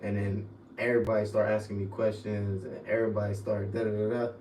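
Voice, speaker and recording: A young man, a former college football player, telling stories in relaxed slang on a casual podcast. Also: brisk. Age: young adult. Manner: laid-back storytelling with slang, drifts low and quiet. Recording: echoey room, mic at a distance, faint noise.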